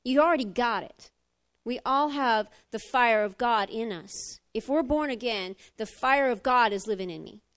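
A middle-aged woman preaching a sermon, animated, swinging from emphatic fire down to quiet talk. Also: moderate pace. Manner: animated, rising to emphatic fire then dropping low.

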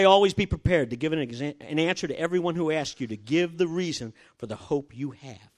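An older male preacher tells a testimony story with a lively voice that swings widely in pitch. He sits a little above the usual male range and acts out each exchange as he tells it. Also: a little fast, few pauses. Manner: storytelling, acts out dialogue, chuckles. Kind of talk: sermon with personal testimony story.

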